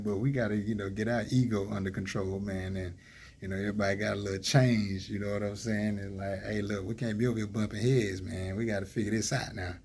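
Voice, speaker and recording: A man's voice: lowish voice, little pitch movement, brisk, a little mellow, breathy edge. A man with an Atlanta Southern accent talking in a rambling, heated monologue full of fillers. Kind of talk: casual street talk monologue.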